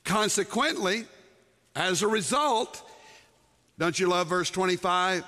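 Bright, forceful male preacher. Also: expressive, takes it slowly, pauses often, long reverb tail. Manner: emphatic, swings between soft low asides and lifted exclamations. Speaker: pastor. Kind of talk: sermon.

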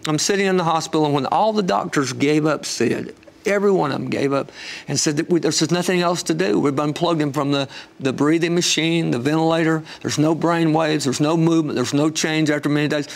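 A man guest telling an emotional testimony with fervent storytelling, rising high when excited. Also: brisk, vocal fry.

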